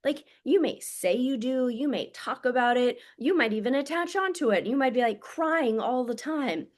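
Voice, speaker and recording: At a normal pace, a spiritual coach with a fairly high-pitched voice delivers a casual monologue to camera. Her style is blunt and candid, laced with swearing, and she warmly addresses her audience as "my loves."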